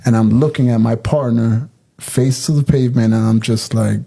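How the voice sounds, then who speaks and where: Dark-voiced man telling a dramatic story. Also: mid-range voice, fairly even intonation, creaky, slightly rough. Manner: fast, dramatic retelling with acted quotes. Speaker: storyteller recounting his arrest. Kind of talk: casual storytelling.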